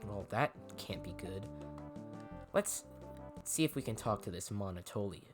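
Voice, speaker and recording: A man's voice: on the low side, lively intonation, measured pace. A man hosting a let's-play, chatting casually with wry asides as he plays. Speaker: gaming channel host. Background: game music.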